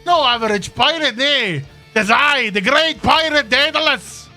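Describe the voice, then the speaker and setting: A man's voice: very high voice, lively intonation, unhurried, bright, forceful tone, soft background music, pitched above the performer's own voice, heavily acted. A man voicing a boastful, theatrical pirate captain in a fan voice-over of game dialogue, drawing out his words in old-timey pirate speech.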